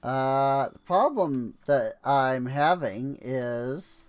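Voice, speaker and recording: A man's voice: on the high side, vocal fry, clear, resonant tone. A man streaming a game, musing and wry as he talks through his play with frequent fillers. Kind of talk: game commentary.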